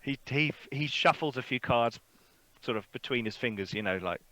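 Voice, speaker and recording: Bright-voiced man running a tabletop game. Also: mid-range voice, moderate pace. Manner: relaxed, rambling, many fillers. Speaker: game master.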